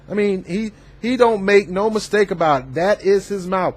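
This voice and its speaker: A man's voice: sits high, moderate pace, few pauses. Emphatic man in a commentary vlog. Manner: emphatic, animated, preachy. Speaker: host.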